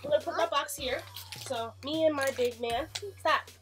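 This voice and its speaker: A young adult woman vlogging a snack box unboxing, gushing with excitable exclamations as she tastes each treat. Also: sits high, normal speed. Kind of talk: casual unboxing chat.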